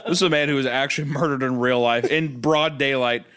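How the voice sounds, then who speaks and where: A man's voice: medium pitch, fairly even intonation, a little fast, fairly bright tone. A young man cracking sarcastic, profane jokes with a co-host on a comedy podcast. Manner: sarcastic, profane, mock-horrified asides. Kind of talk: casual comedic banter.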